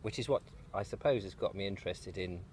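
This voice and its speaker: Outdoors on an allotment, a male guest who makes videos chats casually over breakfast, rambling and joking, sometimes with his mouth full. His voice is low, fast and a little mellow, with a bit of hiss or hum in the recording.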